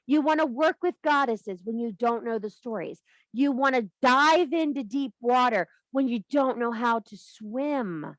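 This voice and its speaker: A spiritual teacher speaks directly to the viewer in a monologue to camera, blunt and emphatic, swearing freely and lecturing in a preachy way. Her fairly high voice is animated and unhurried, with few pauses and no echo.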